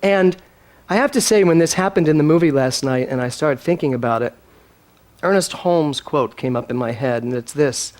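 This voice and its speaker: The minister's slightly high voice moves at an ordinary pace as he preaches with animation and emphasis, heartfelt and emotional, while the congregation answers him.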